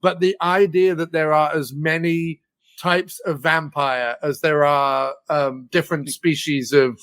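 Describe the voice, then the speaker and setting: A man's voice: a little high, fairly even intonation, measured pace, a bit bright, clean tone, no echo. A man talking casually as a podcast guest, thoughtful and enthusiastic, with plenty of fillers. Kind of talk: casual film discussion.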